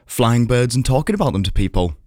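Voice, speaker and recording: A man's voice: mid-range voice, lively intonation, fast, warm tone, dry recording. A man in his late twenties with a Yorkshire accent, talking enthusiastically about his falconry business in a studio interview. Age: 20s. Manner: friendly, enthusiastic, a bit self-deprecating. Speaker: falconer guest. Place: radio studio.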